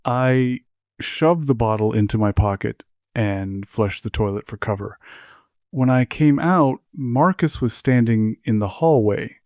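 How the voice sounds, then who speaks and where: A man narrating a scripted horror story in measured, steady storytelling. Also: medium pitch, dry recording, clean studio sound.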